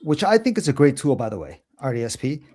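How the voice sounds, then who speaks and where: Hesitant man in his forties, mellow voice. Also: mid-range voice, very animated, fast. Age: 40s. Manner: hesitant, lots of fillers and restarts. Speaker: guest co-host. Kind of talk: casual livestream conversation.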